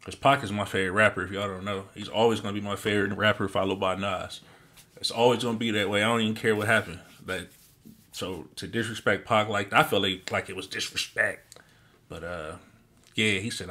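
Low-voiced man reacting to a song. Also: a little fast. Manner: excited, repeats lyric lines back and comments on them. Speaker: music reaction host. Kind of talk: casual reaction commentary.

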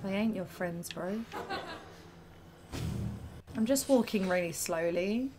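A woman's voice: mid-range voice, takes it slowly, background noise. A woman commenting while playing a video game, reacting aloud in a chatty, exclaiming way. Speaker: gamer. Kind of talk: let's-play commentary.

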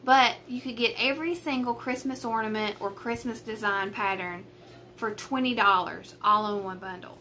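A young woman with a thick rural Southern US drawl talks straight to her tripod camera at a kitchen table, rambling freely. Her voice is bright and a little high, with a faint hiss of room noise behind it. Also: normal speed. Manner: chatty and rambling, self-deprecating. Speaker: craft vlogger. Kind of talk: casual chat to camera. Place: at home, at a table. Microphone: camera on a tripod with a ring light.

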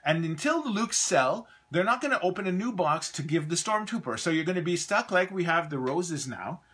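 A man's voice: fairly high pitch, very animated, brisk, fairly bright tone, slightly rough. A Canadian man hosting a live toy review stream, chatting casually and rambling, often trailing off mid-thought.

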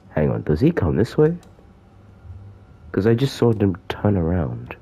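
A man's voice: low-pitched, huge pitch swings, measured pace, vocal fry, long pauses, warm tone, husky, highs cut off. A man giving joking commentary as he plays a horror game, talking to the character chasing him. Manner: jokey, talks to the game's villain. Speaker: gaming YouTuber.

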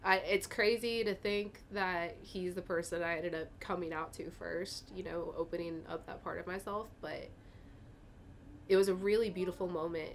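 A woman's voice: fairly low pitch, fairly even intonation, moderate pace, slight background noise. A young woman speaking candidly as an interview guest, rambling with fillers and getting emotional, at times tearing up. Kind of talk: casual interview talk.

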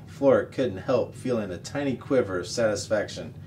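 Male reader, children's novel read-aloud; low, expressive, distant mic. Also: moderate pace. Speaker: story reader. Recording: distant mic, faint noise.

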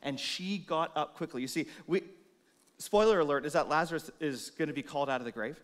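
Male pastor, slightly higher voice, sermon delivery, shifts from loud to hushed. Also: fairly quick. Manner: expressive, swings from loud emphasis to soft, hushed delivery. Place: church.

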